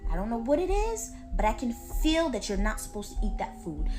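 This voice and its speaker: A woman's voice: fairly high pitch, very animated, a little fast, a little mellow, faint music behind. A woman voicing a protective mother who urgently warns her grown son in a retold story. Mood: firm. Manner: firm, urgent warnings.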